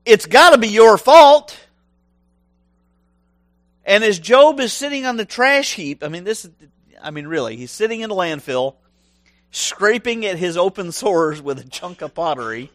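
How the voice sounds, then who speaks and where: A man preaching a sermon, animated and humorous, acting out voices from the stories he tells. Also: sits high, a little slow, long pauses, no echo, studio quality. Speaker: pastor.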